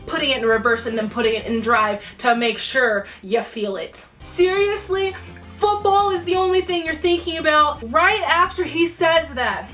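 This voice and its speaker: A young woman vlogger telling a personal story in a lively, slangy way. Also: fairly high pitch, recorded from a distance. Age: young adult. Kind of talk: storytime vlog. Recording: voice a bit off-mic with faint music.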